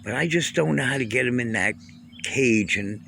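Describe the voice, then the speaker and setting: A man's voice: mid-range voice, creaky, sharp tone, slight background noise. Emotional rambling man in his sixties. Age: 60s. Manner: halting, emotional, many restarts, blunt swearing. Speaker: vlogger. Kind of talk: rambling personal vlog.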